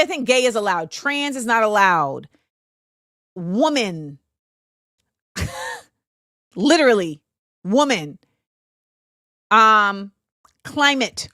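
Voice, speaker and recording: A woman's voice: fairly high pitch, big pitch swings, slow, long pauses, pushed and bright, no echo, studio quality. A woman hosting a livestream, reading viewer comments aloud and answering them in a blunt, opinionated way. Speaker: host.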